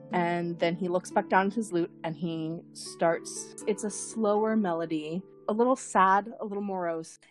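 Her lowish voice guides players through a tabletop role-playing scene as she serves as game master. She takes her time, musing aloud with plenty of fillers and repeated words.

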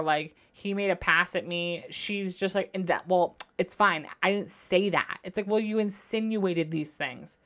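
Chatty young woman gushing about reality TV. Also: on the low side. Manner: gushing, swears freely, animated recaps. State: going through postpartum depression. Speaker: podcast host. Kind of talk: casual solo podcast chat.

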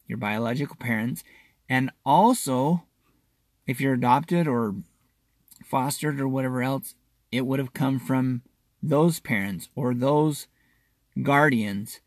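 A man who works as a wellness practitioner, talking casually and earnestly to listeners in a halting way, often doubling his words. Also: mid-range voice, no echo. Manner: reassuring, earnest. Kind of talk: casual spoken monologue to listeners.

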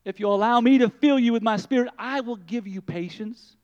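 A man voicing the Lord in a sermon story, speaking softly and tenderly to a weary woman. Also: very high-pitched, clean tone, lo-fi sound. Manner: soft, tender, slow.

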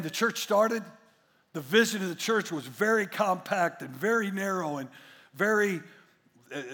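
High, gravelly pastor preaching in a hall. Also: male voice. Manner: emphatic preaching, swings from hushed to loud, repeats phrases. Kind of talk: sermon.

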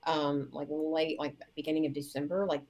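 A woman mayor in an interview, telling a story in a lively way, laughing and acting out what people said. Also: normal speed, low-quality recording. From Indiana, US. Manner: lively, laughing, acts out quotes with big pitch jumps. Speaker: mayor, guest.

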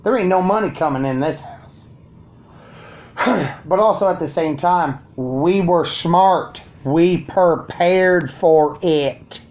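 A man's voice: a little high, slow pace, a little mellow. Brash ranting man, lo-fi sound. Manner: crude, sarcastic, brash. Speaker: vlogger. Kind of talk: profane ranting monologue. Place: at home.

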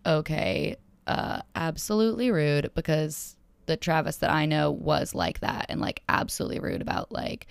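A young woman tells her followers a dating story, rambling and chatty, packing in fillers and acting out each exchange herself. Her voice is deep and gravelly yet smooth, at a normal speed with few pauses. The recording is clean studio sound with no room sound.

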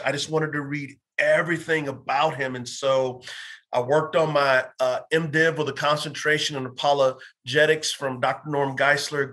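A man's voice: medium pitch, sharp tone. A man in his fifties, a pastor and former pro athlete, earnestly telling his faith story in an interview and acting out bits of quoted dialogue. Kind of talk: personal faith testimony in an interview.

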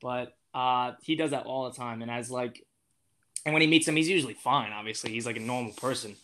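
Chatty eighteen-year-old man, bright voice. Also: medium pitch, fairly quick. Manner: rambling, many fillers and restarts. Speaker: podcast guest. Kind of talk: casual chat.

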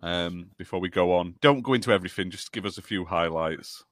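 Brief: Yorkshire man, low-ish voice, hosts a gaming podcast over a call, dry close mic, joking and crude. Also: brisk, fairly bright tone, no room sound. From Yorkshire, England. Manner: jokey, teasing, swears freely. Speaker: podcast host. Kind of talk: casual gaming podcast chat.

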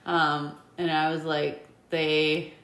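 A woman's voice: low voice, slow pace, reverberant. A young woman co-hosting a casual podcast at home, swearing freely and acting out conversations as she tells them. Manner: animated, swears freely, acts out quoted talk. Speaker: podcast co-host. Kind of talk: casual chat. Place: home room.

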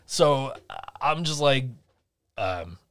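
A man's voice: a little high, normal speed, a bit bright. Rambling, laughing man podcast co-host. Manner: rambling, swears freely, laughs often. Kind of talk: casual chat.

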